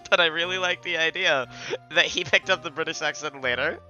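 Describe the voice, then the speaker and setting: A man's voice: a little high, moderate pace, sharp tone, lo-fi sound, faint music behind. A man from the American Midwest with a Midwestern accent, chatting casually about a game as a streamer. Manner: chatty, self-amused. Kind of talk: casual let's play commentary.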